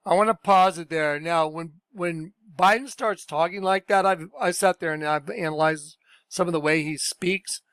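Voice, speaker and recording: A man's voice: fairly high pitch, normal speed, a bit bright, clean tone, dry recording. A man commenting on video clips in a casual, emphatic and scornful way.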